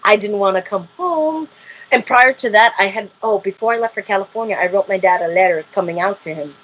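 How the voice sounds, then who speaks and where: A woman's voice: medium pitch, brisk, a bit bright. A woman, a reality show cast member, telling her story in an interview, acting out quotes and laughing often. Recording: muffled lo-fi audio.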